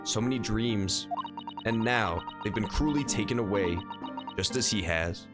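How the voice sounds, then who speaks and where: A man voicing a gentle young woman assistant who speaks softly and slowly. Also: lowish voice, music in the background, natural voice. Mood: mournful.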